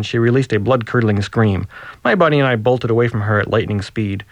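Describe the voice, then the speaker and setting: Guy reading his own novel, wry deadpan, dry close sound. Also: mid-range voice, dry recording. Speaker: author.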